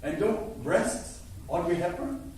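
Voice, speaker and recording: A man's voice: high-pitched, slow, recorded from a distance, slight background noise. Older man telling stories in an echoey hall. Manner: animated storyteller, stammers and restarts, bursts into loud impressions. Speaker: acting teacher. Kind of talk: lively workshop talk. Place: large hall before an audience.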